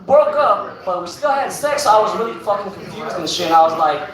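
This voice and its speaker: A young man with a high voice does a rambling, profane stand-up set, heavy on fillers. The sound is very echoey, with the mic picked up from a distance and a crowd audible behind him. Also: lively intonation, brisk. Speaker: stand-up comedian. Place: comedy club stage. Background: audience laughing.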